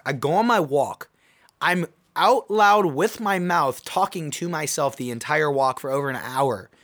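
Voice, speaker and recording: A young man hosting his own podcast, telling a personal story in an animated, excitable way. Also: mid-range voice, normal speed. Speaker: podcast host. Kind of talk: casual solo podcast monologue.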